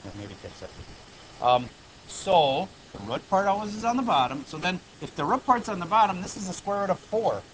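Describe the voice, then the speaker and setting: A man's voice: high-pitched, big pitch swings, fairly quick, background noise. Joking man teaching a math class. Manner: chatty, joking asides between explanations. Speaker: high school math teacher. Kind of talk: classroom lecture.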